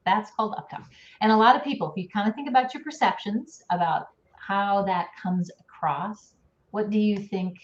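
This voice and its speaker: A speech and voice coach chats casually on a live stream, explaining things through demonstrations and laughing often. She speaks at a medium pitch and moderate pace. Her video call audio sounds roomy and dull.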